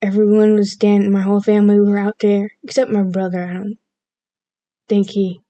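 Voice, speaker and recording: A woman's voice: mid-range voice, level tone, normal speed, dark tone, dull audio. A woman vlogger casually telling a personal story, chatty and playfully overdramatic, laughing at herself now and then.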